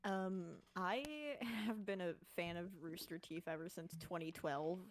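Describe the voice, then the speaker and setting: A young woman talks casually with friends on a livestream. Her voice sits a little low, and she rambles along, piling up filler words as she goes. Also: fairly even intonation, measured pace. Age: young adult. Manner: chatty, lots of filler words. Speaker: livestream co-host. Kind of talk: casual chat.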